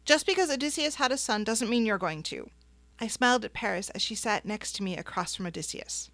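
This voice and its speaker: Woman reading a first-person story, soft and reflective, highish voice, dry. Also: animated, a little fast, no room sound. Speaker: narrator. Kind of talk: first-person audiobook narration.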